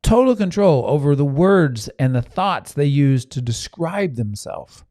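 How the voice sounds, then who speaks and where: A man's voice: a little high, very animated, measured pace, a little mellow, no room sound, clean studio sound. A man hosting a motivational podcast. He talks earnestly with restarts and asides to listeners, and sometimes acts out inner voices. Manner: frequent restarts and audience asides. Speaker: podcast host, self-help speaker.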